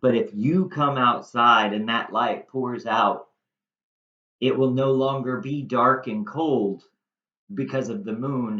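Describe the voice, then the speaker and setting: A man talks a class through a classic verse passage, rephrasing each line in loose everyday words. He speaks slowly and unhurriedly, at an ordinary middle pitch. The sound is roomy and a little dull, as from a lo-fi setup. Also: bright, forceful tone. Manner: casual, paraphrasing with frequent "like". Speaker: teacher. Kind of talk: explaining a Shakespeare text.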